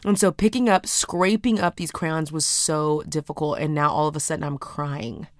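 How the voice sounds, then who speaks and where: A woman hosting a podcast, speaking. She tells her story in a dramatic, animated way, full of casual slang. Her voice sits fairly low and sounds close and dry, with no room sound. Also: moderate pace, no echo. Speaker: podcast host.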